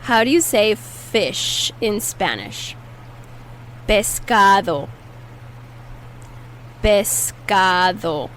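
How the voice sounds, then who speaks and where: A woman teaching Spanish vocabulary in a patient way, saying each word slowly and repeating it for learners. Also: mid-range voice, big pitch swings, fairly bright tone, slight background noise, low-quality recording. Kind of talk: slow, clear language lesson.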